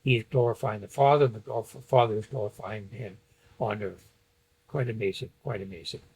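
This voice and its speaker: A man's voice: lowish voice, fairly even intonation, moderate pace, darkish tone, husky, low-quality recording. A man teaching a Bible study lesson from slides, explaining a passage point by point and reading it aloud.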